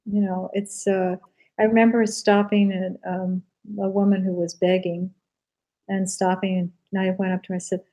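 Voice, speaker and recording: Middle-aged woman chatting in an interview, warm mellow voice, earnest, lots of ums. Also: medium pitch, level tone, moderate pace, poor audio. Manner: earnest storytelling, frequent fillers. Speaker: interview guest. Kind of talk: casual conversational interview.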